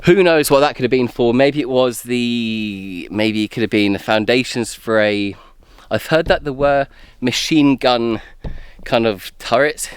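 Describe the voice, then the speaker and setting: A man giving chatty, excitable commentary to camera as he explores woodland outdoors. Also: medium pitch, smooth, dry recording. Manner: chatty, excitable, talks to himself while exploring. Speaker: bushcraft vlogger.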